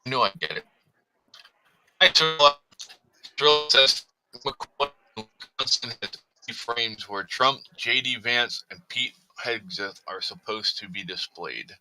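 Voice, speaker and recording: A man's voice: medium pitch, a little slow, pushed and bright, slight background noise, poor audio. A man hosting a casual livestream, chatting, reading viewer comments and talking to his cat. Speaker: livestream host.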